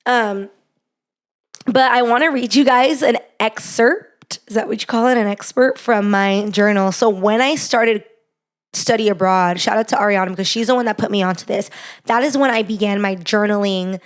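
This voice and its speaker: A woman's voice: medium pitch, normal speed. A young woman hosting a podcast, telling a personal story in a chatty, heartfelt way, full of fillers. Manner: chatty, heartfelt, lots of "like" and "you know". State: gets emotional. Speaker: podcast host.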